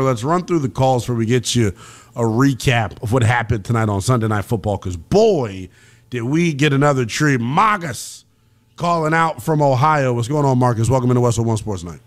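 A man's voice: medium pitch, lively intonation, normal speed. A man hosting a call-in sports radio show, talking bluntly in loose slang.

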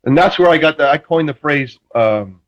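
Lo-fi former quarterback telling stories. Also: male voice, on the high side, moderate pace. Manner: lively storyteller who restarts sentences and acts out quotes. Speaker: former football quarterback, guest. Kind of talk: animated anecdote-telling.

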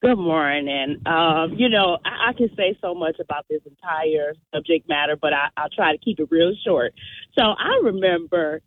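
A woman calling in to a radio talk show, telling a story in an animated way and acting out what people said. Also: sits low, normal speed, dry recording. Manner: animated storyteller, acts out quotes. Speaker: caller. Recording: dry tinny phone line.

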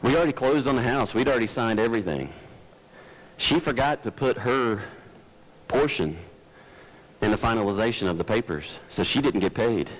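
A man's voice: mid-range voice, lively intonation, moderate pace, pauses often, poor audio. Man preaching an earnest sermon. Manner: earnest preaching, rising emphatic peaks, folksy asides. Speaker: pastor.

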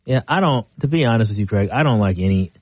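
A man's voice: lowish voice, expressive, fast, no room sound, poor audio. Bantering male podcast co-host. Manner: joking, bantering. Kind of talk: casual sports talk.

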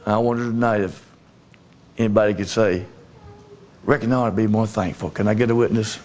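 A man's voice: on the low side, steady tone, fairly quick, darkish tone. A man preaching a sermon, telling a story and calling for amens from the congregation. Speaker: pastor.

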